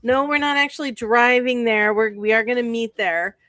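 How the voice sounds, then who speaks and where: A woman co-hosting a podcast in casual chat, relaxed and rambling. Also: on the high side, moderate pace, no echo. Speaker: podcast co-host.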